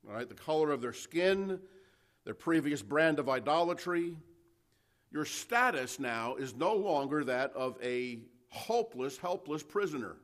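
A man's voice: fairly high pitch, expressive, measured pace. A man preaching an expository sermon to a congregation, emphatic and full of rhetorical questions. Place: church service before a congregation.

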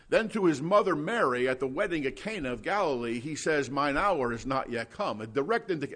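A man's voice: medium pitch, fairly bright tone. Conversational male preacher teaching scripture. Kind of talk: verse-by-verse Bible teaching.

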